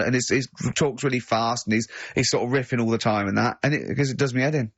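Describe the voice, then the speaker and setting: A man hosting a radio show, chatting casually and telling animated stories with high-pitched impressions of friends. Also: fast talker, few pauses, no room sound. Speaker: radio host. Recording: dry, lo-fi radio studio recording.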